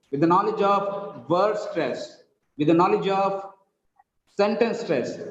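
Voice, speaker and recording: A man with an Indian English accent teaching an English lesson, repeating example sentences and stressing syllables. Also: high voice. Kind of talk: classroom lecture on stress and rhythm. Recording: dull, roomy echo with long reverb.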